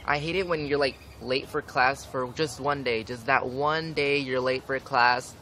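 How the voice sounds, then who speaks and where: A man's voice: medium pitch, steady tone, unhurried, bright, forceful tone. A young man ranting casually to camera for a vlog, swearing often and filling with "like". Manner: frequent swearing, ranting, many fillers. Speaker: vlogger. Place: outdoors, windy. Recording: wind and traffic noise outdoors.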